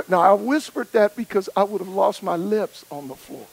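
A man preaching a sermon, emphatic, with rhythmic repetition and a gravelly voice. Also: sits high, fairly quick, no room sound, rough recording.

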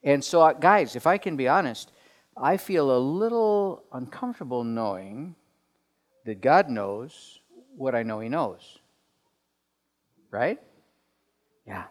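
A man leading a group Bible study in a conversational sermon style, asking questions and swinging from soft to emphatic. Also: medium pitch, lively intonation, slow, long pauses. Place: room with people around tables. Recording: long hall reverb.

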